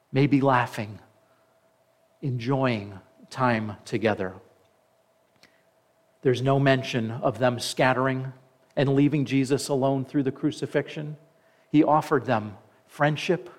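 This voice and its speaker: A man preaching a sermon. He reads scripture aloud, slows down for the quoted lines, and stops now and then to comment. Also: mid-range voice. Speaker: pastor.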